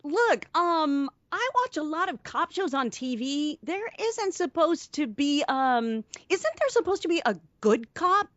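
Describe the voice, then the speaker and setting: A woman's voice: sits high, big pitch swings, a bit bright, no echo, pitched above the performer's own voice, full character voice. A woman playing a nervous hapless young guy. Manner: halting, hesitant. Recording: dry dull lo-fi audio.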